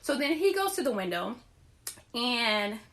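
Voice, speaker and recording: A woman hosting a podcast, telling a personal story to her listeners in an animated, profane way. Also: on the high side, measured pace. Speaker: podcast host.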